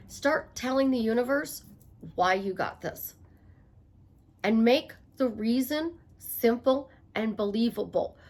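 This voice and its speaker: A middle-aged woman life coach giving an emphatic, playful motivational talk, repeating key phrases. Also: fairly high pitch. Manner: emphatic, repetitive, playful asides.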